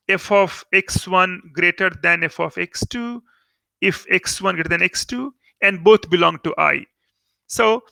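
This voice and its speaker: Man, maths teacher, Indian English accent, high gravelly voice, dry close sound. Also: pushed and bright, no room sound. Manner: explains step by step, repeats and emphasizes key words. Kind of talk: recorded online lecture.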